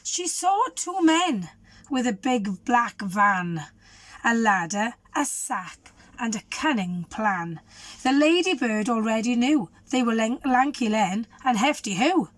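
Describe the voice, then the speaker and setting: A woman teacher, a little croaky, reading a children's storybook aloud and asking the listeners questions. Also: a little high, lively intonation, slow, no room sound. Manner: warm, asks the children questions. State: hoarse.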